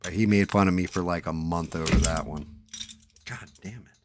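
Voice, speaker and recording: Deep-voiced man cursing on a live stream. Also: fairly even intonation, moderate pace, background noise. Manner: profane, mutters to himself while working. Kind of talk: casual chat while painting. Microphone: headset.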